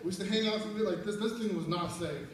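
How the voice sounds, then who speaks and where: A man's voice: high voice, quick pace. A young man telling stories at a memorial service, laughing often and acting out what people said. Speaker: eulogy speaker at a memorial service. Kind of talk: storytelling remembrance. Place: large room at a memorial service. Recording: very echoey hall, far from the mic, background noise.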